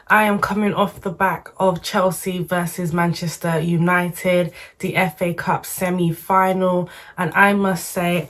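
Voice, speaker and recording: Chatty woman vlogging football. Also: fairly low pitch. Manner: animated, chatty, slangy, opinionated. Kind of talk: casual football commentary to camera.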